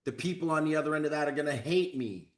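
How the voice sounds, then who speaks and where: Male motivational trainer, energetic coaching delivery, slightly high pitch. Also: quick pace. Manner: energetic, coaching, acts out phone calls. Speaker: network marketing trainer. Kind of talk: motivational talk.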